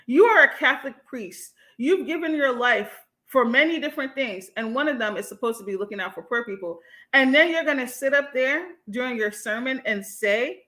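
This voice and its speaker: A woman with a high, bright voice holds forth on her livestream, answering her chat as she goes. She talks bluntly and heatedly and swears freely. Her tone is sharp and forceful. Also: moderate pace. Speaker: host.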